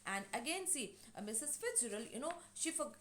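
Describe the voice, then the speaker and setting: Indian English woman teacher, higher voice, talks through a play with lots of fillers and bits of dialogue. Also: sing-song, a little fast, a bit bright. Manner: retells scenes with many fillers and brief acted quotes. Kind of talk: explaining a play to a class.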